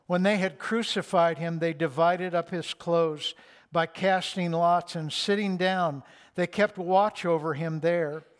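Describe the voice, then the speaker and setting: A male pastor delivers a sermon, first reading a passage aloud and then preaching on it. His voice sits high for a man, and he speaks slowly and deliberately. He lifts his voice with force on the lines he wants to stress. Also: steady tone. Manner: slow, deliberate delivery with emphatic rises.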